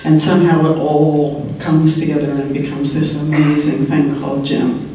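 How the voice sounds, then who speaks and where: A woman in her sixties tells stories on a convention panel as a TV writer, chatting and laughing often, her voice a little hoarse. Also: low-pitched, flat delivery, normal speed, dark tone, slight background noise. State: slightly hoarse, clearing her throat. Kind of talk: anecdotal convention talk. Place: large convention hall. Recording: very echoey hall, voice heard from far off.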